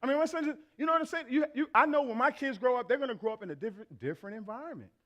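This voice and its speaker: A man's voice: very high-pitched, lively intonation, racing, a bit bright. A middle-aged man preaching a sermon as pastor, telling comic family stories and acting out the dialogue. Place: church sanctuary.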